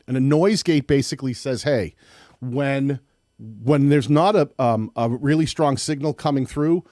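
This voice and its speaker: A man with a slight lisp hosts a live tutorial, chatting loosely with plenty of restarts. His voice sits at an ordinary pitch, and the recording is close and dry with no room sound. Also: darkish tone, dry recording. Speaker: host. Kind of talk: live-streamed audio tutorial, reading chat.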